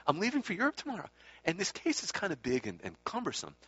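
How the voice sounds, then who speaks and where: A man voicing an excitable older male guru who loves gadgets and asks the same question with the same inflection each time. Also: high-pitched, fast, husky, dry recording, voice pushed up, full character voice. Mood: eager. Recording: dull lo-fi recording.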